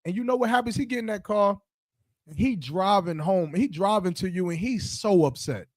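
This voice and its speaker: A man's voice: sits high, moderate pace, dry recording, clean studio sound. A man co-hosting a podcast in casual chat, preaching his point and acting out the voices of the people in his stories. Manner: preachy, acts out quoted voices. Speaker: podcast co-host.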